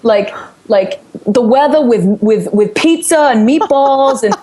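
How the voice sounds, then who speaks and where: Australian woman, higher register; lively storyteller in a relaxed interview chat. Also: a little slow, background noise. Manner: chatty, animated storytelling with frequent laughter. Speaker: guest singer-songwriter and vocal coach.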